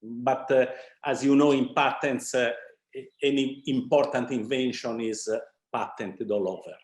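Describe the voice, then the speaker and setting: A man's voice: medium pitch, steady tone, unhurried, darkish tone. Male professor, casual explaining, keeps asking "okay?", roomy echo. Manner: conversational, with tag questions like "okay?". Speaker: professor on a panel. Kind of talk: round-table discussion. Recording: echoey room sound.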